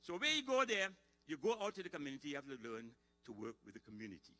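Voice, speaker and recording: A middle-aged man, telling folksy comic stories on stage at a ceremony. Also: a little high. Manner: lively, folksy, quick to shift into voices. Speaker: storyteller and comedian. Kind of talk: live comic storytelling.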